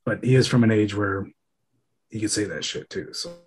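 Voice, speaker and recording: A man co-hosting a casual sports podcast, offering a measured, critical view. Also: lowish voice, steady tone, slight background noise. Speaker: podcast co-host.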